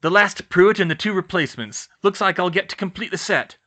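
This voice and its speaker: A man voicing a cruel, menacing male dark wizard who taunts in slow growls. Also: high voice, expressive, voice pushed up.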